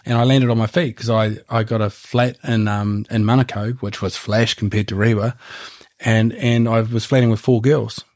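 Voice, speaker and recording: A man's voice: on the low side, fairly even intonation, normal speed, a little mellow, no echo, clean studio sound. Laid-back New Zealand man telling stories. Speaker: guest. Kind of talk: casual storytelling.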